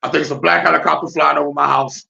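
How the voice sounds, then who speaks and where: Vlog host, male, heated profane rant, tense and bright, lo-fi sound. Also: on the high side, fast, vocal fry. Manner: profane, heated and animated, laughing often. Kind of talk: ranting commentary. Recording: dull lo-fi sound.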